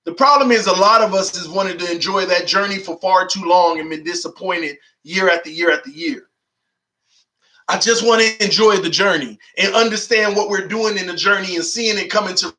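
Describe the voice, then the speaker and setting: Male fan host, very high voice, emphatic excitable chat, leans on "man" and "y'all". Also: moderate pace. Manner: emphatic, shouts and preaches at viewers; drawling, says "man" and "y'all" constantly.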